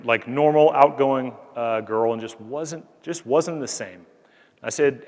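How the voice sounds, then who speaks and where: A man's voice: mid-range voice, a little slow, a little mellow. A man with a mid-range voice talks to a hall full of cadets, earnest and plainspoken, leaning on casual fillers as he tells a story. His words ring out with a long reverberant tail from the large space. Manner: earnest, conversational, frequent "like" fillers. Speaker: Air Force colonel addressing cadets. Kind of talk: motivational speech with anecdote.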